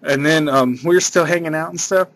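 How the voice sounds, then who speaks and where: A man's voice: on the high side, brisk, a bit bright. Rambling slangy man vlogging. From San Diego area. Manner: slangy, rambling, says dude a lot. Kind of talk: casual rambling monologue.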